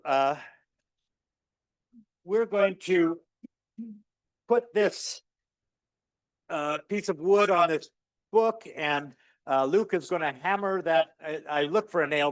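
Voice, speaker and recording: A middle-aged man teaching a university physics lecture, explaining with stories and demos in an animated storytelling way. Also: no echo. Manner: animated storyteller, acts out dialogue with rising pitch. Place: lecture hall.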